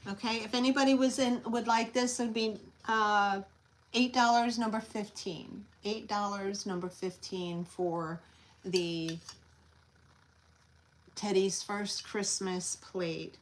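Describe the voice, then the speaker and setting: A woman's voice: medium pitch, steady tone, slow pace. A middle-aged woman with a Long Island New York accent, chatting as she hosts a live sale stream, rambling and answering viewers. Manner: chatty, reads out viewer comments, rambling asides. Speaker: host selling collectibles on a live stream. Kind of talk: live sales stream chat.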